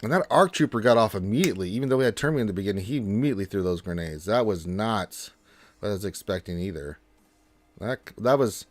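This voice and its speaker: A man hosting a casual gaming live stream, reading viewer chat in a loose, chatty way with restarts and sudden lifts in pitch. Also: animated, fast, no room sound.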